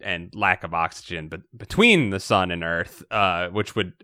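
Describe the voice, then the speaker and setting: A man co-hosting a casual book discussion, retelling the plot in a relaxed, wry way. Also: sits low, moderate pace, no room sound, clean studio sound. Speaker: podcast co-host.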